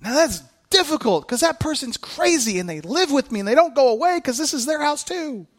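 A man in his thirties, a pastor preaching a sermon in an animated, joking, self-mocking way. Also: extremely high pitch, fairly quick.

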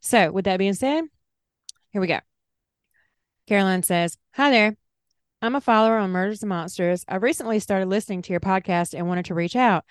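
A woman's voice: mid-range voice, moderate pace, pauses often, clear, resonant tone, no echo, studio quality. A woman with a Southern US accent co-hosting a podcast, chatting casually with many fillers and restarts, and reading a listener's letter aloud. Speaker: podcast co-host.

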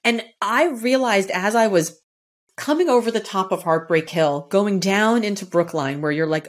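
Woman on a podcast telling a story, animated, does little voices for the quotes. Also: normal speed. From Boston area, United States. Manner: lively, acts out quotes with shifting pitch. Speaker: podcast guest, author and speaker.

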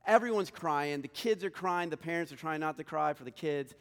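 A man's voice: fairly high pitch, brisk. Earnest male pastor preaching in a reverberant hall. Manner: earnest, conversational preaching with dynamic swells and soft drops. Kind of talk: sermon. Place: church sanctuary.

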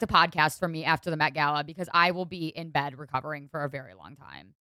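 A young woman hosting a podcast offers casual fashion commentary, swinging from lively, exasperated mock outrage into gushing, fond praise. Her low, smooth, clear voice moves fast and is recorded close and dry, with no room or echo around her.

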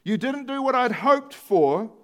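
An earnest, grieving woman who pleads slowly and stresses each phrase, as a preacher speaking in his own high voice puts her on. The voice is raised and intense but stays close to his everyday speech. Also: expressive. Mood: pleading. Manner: slow, emphatic and raised.

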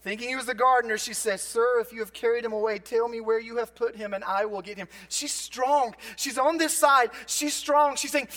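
A man preaching a sermon as a pastor, conversational, moving between loud emphatic bursts and quiet, low asides. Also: steady tone, normal speed, few pauses.

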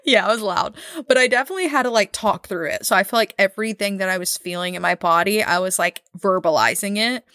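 A woman's voice: mid-range voice, quick pace, few pauses, a bit bright, dry recording. Chatty woman in her 30s, storyteller podcast co-host, mid-range voice, dry close sound. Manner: chatty storytelling, many "like"s, acts out quotes. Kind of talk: casual chat.

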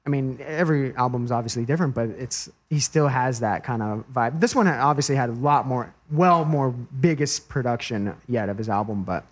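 An American man hosting a casual chat, easygoing and quick to laugh, with halting restarts. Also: mid-range voice, husky. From United States.

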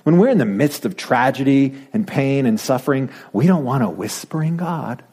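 A male pastor preaching a sermon in a playful, animated way, dropping to whispered asides as he acts out the story. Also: on the high side, moderate pace, few pauses, breathy edge.

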